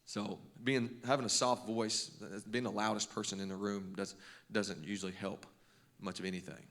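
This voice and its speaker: Addressing a men's group with a devotional talk, a middle-aged basketball coach and teacher uses a fairly low, fairly bright voice with fairly even intonation at normal speed. He keeps it folksy, stammering and restarting often, and pokes fun at himself.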